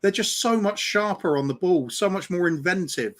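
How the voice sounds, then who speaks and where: A man's voice: high voice, lively intonation, normal speed. Frank man analysing a football match. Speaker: guest fan on a watch-along stream. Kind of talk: casual football chat over a call.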